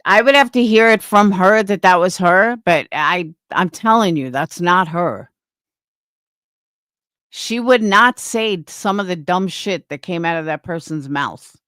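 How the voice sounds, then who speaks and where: A woman's voice: on the low side, measured pace, a bit bright, clear, resonant tone, no echo, clean studio sound. A woman live streamer chatting casually with her viewers, opinionated and rambling, restarting her sentences.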